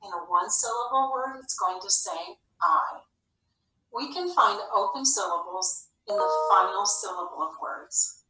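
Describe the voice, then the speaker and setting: Bright-voiced woman teaching phonics. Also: mid-range voice. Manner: slow, clear, encouraging classroom delivery. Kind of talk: phonics lesson for young children. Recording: echoey room, slightly far from mic.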